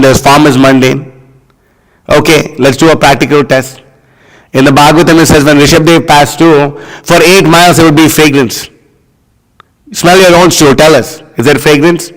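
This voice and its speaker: A man giving a scripture class as a sermon, scornful and animated, leaning on lots of "you know" fillers. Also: fairly high pitch, big-room sound, low-quality recording. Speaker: preacher.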